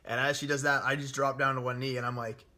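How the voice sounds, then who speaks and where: Bright-voiced young man telling a story. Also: medium pitch, fast talker. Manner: animated, laughs often, quotes himself. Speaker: vlogger telling his proposal story. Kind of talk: casual storytelling chat.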